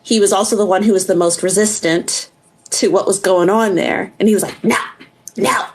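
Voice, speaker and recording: A woman guest with a husky, mid-pitched voice, talking animatedly about a book. She acts out little quotes in her retelling, lively and engaged. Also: a little fast. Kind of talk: casual chat.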